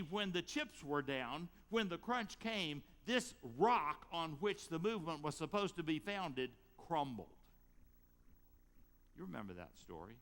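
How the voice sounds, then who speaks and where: A man delivering a sermon at an unhurried pace, his pitch lifting and falling expressively as he tells the story. His voice rings out with a long reverb, as in a church sanctuary. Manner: storytelling, lively rises and drops. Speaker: pastor.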